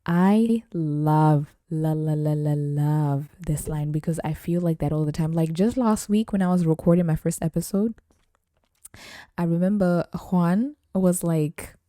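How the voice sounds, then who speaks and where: A young woman hosting a podcast, chatting casually about rap lyrics and laughing often as she reads lines out slowly. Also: deep voice, warm tone, no echo, clean studio sound. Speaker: podcast host.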